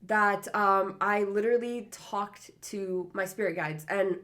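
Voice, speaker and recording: A woman's voice: mid-range voice, fairly even intonation, unhurried, a bit bright. Chatty young woman telling stories. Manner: chatty storyteller, lots of "like" and laughs. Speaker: podcast co-host. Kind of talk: casual chat.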